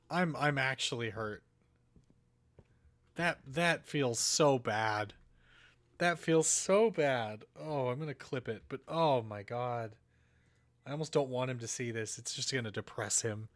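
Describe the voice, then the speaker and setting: A man's voice: medium pitch, slow pace, long pauses, a bit bright, no room sound. A young man hosting a let's play, reacting with dramatic, exaggerated outrage and sorrow in casual gameplay commentary.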